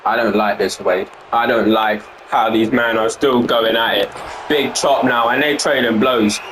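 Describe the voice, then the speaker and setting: A man giving excited play-by-play wrestling commentary, repeating phrases and exclamations as the action unfolds. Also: mid-range voice, measured pace, reverberant, a little hiss or hum, low-quality recording. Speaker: fan commentator.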